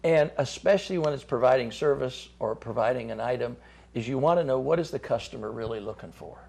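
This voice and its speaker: A man's voice: medium pitch, brisk, gravelly, darkish tone, slightly rough. A middle-aged man, a chamber of commerce guest on a talk show, gives folksy business advice with frequent restarts and repeated words.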